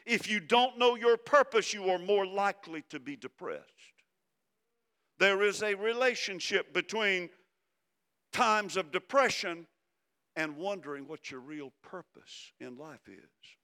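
A man preaching a sermon, swinging from loud emphasis down to hushed, soft phrases. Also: high voice, measured pace. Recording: long hall reverb.

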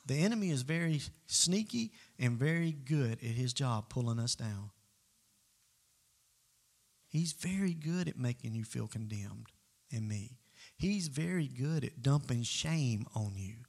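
A man preaching a sermon as pastor, emphatic, moving between loud calls to the congregation and quiet asides. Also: medium pitch, expressive, a little slow, gravelly.

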